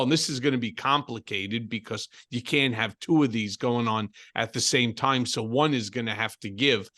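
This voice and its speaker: A middle-aged man speaking as an interview guest, blunt and emphatic and quick to joke. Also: mid-range voice, a bit bright. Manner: blunt and emphatic, jokes freely. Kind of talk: interview conversation.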